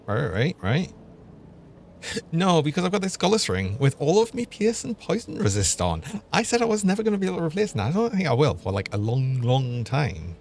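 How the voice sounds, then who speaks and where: A man's voice: fairly high pitch, sing-song, fairly quick, darkish tone, slight background noise. A young man, chatting and laughing as he streams a game. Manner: chatty, laughs often, thinks aloud. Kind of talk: live gameplay commentary.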